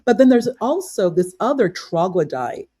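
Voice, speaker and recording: A woman's voice: medium pitch, sing-song, normal speed, mellow, slightly rough, no room sound. A woman on a live video-call panel, talking emphatically in casual debate, repeating and restarting her sentences.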